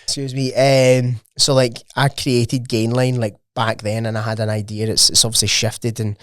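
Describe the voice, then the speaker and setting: A young Scottish man talks casually on a podcast, rambling and peppering his speech with "like" and swear words. His voice sits at an average pitch. It is recorded dry and close on the mic. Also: little pitch movement, normal speed, no room sound. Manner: rambling, sweary, lots of "like" fillers. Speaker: podcast guest, gym owner. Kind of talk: casual chat.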